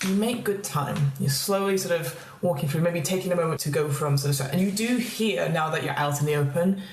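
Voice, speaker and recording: A woman narrating a tabletop role-playing game as game master, in a relaxed way with many hedging fillers. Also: fairly low pitch, a little fast, slight background noise. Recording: echoey room.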